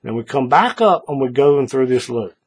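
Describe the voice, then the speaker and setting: A man calmly talking through a paracord bracelet tutorial step by step, patient and repetitive, often checking in with the viewer. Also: medium pitch, moderate pace, slightly rough. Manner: patient, repeats steps, checks in with "all right?". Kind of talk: hands-on craft tutorial.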